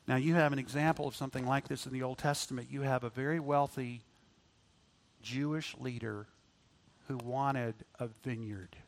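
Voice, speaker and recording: A man preaching a sermon, moving between loud emphatic lines and quiet asides. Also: mid-range voice, fairly even intonation, brisk, creaky.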